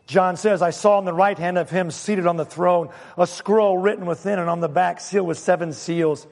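A pastor with a scratchy throat preaching a sermon, animated and emphatic, with sudden loud exclamations. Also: male voice, high voice, moderate pace, gravelly, big-room sound.

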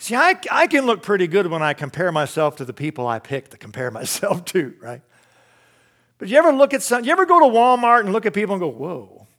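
A man delivers a sermon with a somewhat high voice. He talks to the congregation conversationally, poses rhetorical questions, and swings between loud, emphatic lines and quiet asides. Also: big pitch swings, fast talker. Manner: conversational with rhetorical questions and self-deprecating laughs. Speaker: pastor.

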